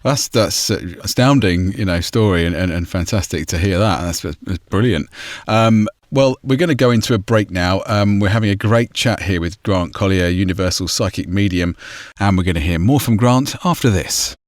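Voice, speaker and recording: A man hosting an interview podcast in a very deep voice, with short encouraging remarks. His voice is close and dry, with no room sound. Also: moderate pace, no echo. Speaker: podcast host.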